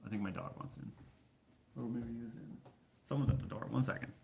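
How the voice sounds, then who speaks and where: A man's voice: mid-range voice, fairly quick, gravelly, a little mellow, slight background noise. A man from Canada chatting casually in a question-and-answer vlog, telling rambling stories full of fillers. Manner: rambling storyteller, many fillers. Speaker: vlogger.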